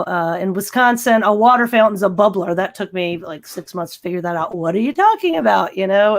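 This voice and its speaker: A woman with a light Richmond, Virginia accent, chatting as a podcast guest in a rambling, enthusiastic way, with lots of "you know". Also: mid-range voice. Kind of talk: casual chat.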